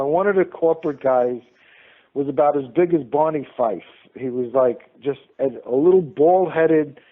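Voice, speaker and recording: Guest spot: New man, slightly high voice, spins anecdotes and plays out every quote, heard down a tinny phone line. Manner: animated, acts out quoted lines. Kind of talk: storytelling in a casual interview.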